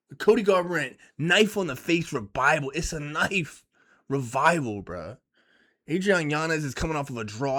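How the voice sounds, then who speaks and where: A man giving casual, profane and excitable vlog commentary on fight picks, rambling as he goes. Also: a little high. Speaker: MMA fight picks YouTuber.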